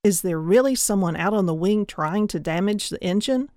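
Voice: medium pitch, expressive, moderate pace, a little mellow, dry recording, studio quality. An audiobook presenter giving a friendly, informative overview of a story collection. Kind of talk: promotional overview.

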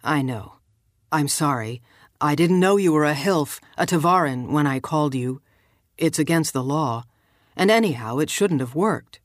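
A woman narrator voicing a calm, proud man in a lowered, measured, quiet way, from an audiobook. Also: no echo, studio quality.

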